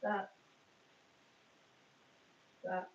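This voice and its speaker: A woman chatting casually on a live stream from her phone, rambling and poking fun at herself. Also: very slow. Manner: rambling, chatty, self-mocking. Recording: dull, echoey, far from phone mic.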